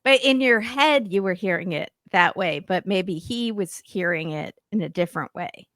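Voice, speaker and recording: A woman's voice: mid-range voice, normal speed, a bit bright, dry recording, clean studio sound. Wry woman chatting on a podcast. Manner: wry, joking asides. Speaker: podcast guest. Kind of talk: casual chat.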